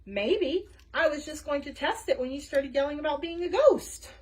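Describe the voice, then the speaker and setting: A woman's voice: sits high, animated, moderate pace. A woman voicing a bossy little girl who plays at being a witch, speaking matter-of-fact and a little sly. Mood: threatening.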